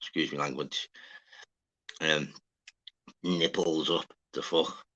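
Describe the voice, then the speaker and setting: A man's voice: extremely low pitch, steady tone, takes it slowly, sharp tone, dull audio. A man hosting a casual livestream, rambling, swearing and greeting viewers by name. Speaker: livestream host. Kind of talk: casual live chat.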